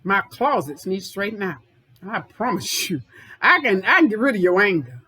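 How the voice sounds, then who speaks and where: A woman's voice: mid-range voice, sing-song, moderate pace, pushed and bright, breathy edge, low-quality recording. A woman anger management therapist giving an informal self-help talk, speaking directly to viewers and repeating points for emphasis.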